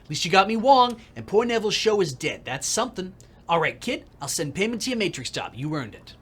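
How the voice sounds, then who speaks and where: A loud, brash middle-aged TV producer with a put-on New York accent and a short fuse, as a man does the voice. He talks bluntly, his pitch jumping around a lot as he reads the game's lines. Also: very animated, fairly quick, husky, heavily acted. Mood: gruff. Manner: blunt, hot-tempered, loud.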